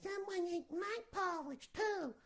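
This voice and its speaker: A woman's voice: very high voice, takes it slowly, a bit bright, exaggerated voice. A woman voicing a small, whiny baby bear in a comic storybook telling, plaintive in tone.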